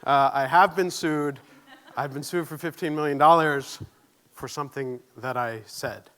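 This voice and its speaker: A man's voice: fairly high pitch, steady tone, moderate pace, fairly bright tone. A man giving a conference keynote, nervous but earnest, asking the audience questions and joking at his own expense. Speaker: keynote speaker. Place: conference stage.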